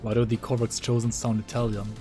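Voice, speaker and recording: A man's voice: medium pitch, monotone, brisk, over music. A man streaming a game, chatting casually with viewers, full of filler words and tag questions. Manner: laid-back, lots of likes and rights. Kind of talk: casual gameplay commentary.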